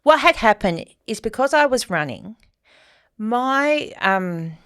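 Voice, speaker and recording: A woman co-hosting a podcast, telling a candid personal story in casual chat and getting animated when she quotes other people. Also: a little high, slow pace, smooth, no echo, clean studio sound. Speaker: podcast co-host.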